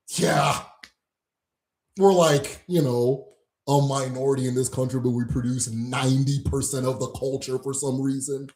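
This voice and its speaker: A man's voice: mid-range voice, steady tone, normal speed, a little mellow. A man hosting his own channel, ranting casually and mockingly to camera, swearing and laughing often. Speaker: host of a channel on Igbo spirituality. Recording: roomy echo.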